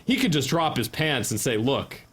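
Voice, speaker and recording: A man's voice: medium pitch, sing-song, moderate pace, a bit bright, breathy edge. A young man co-hosting a gaming stream, trading sarcastic, profane banter and slipping into mocking voices. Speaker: co-host. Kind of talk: casual chat while gaming.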